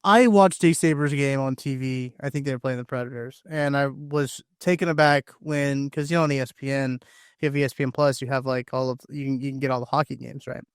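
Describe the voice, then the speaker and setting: A man co-hosting a sports podcast, talking in a relaxed, agreeable way with many fillers. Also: medium pitch, a little fast, clean tone, dry recording, studio quality. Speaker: podcast co-host. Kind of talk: casual sports chat.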